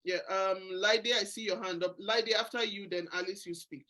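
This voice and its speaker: A woman's voice: medium pitch, normal speed. A woman in her forties hosting a book club discussion, telling candid stories and quoting the people in them. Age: 40s. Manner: candid, animated storytelling with quoted voices. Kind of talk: casual group discussion.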